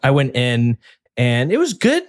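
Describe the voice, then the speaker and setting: A man's voice: mid-range voice, wildly swooping pitch, unhurried, dry recording, studio quality. A man co-hosting a podcast in casual chat, rambling and restarting his sentences as he tells stories. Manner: rambling, chatty, frequent restarts and fillers. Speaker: podcast co-host.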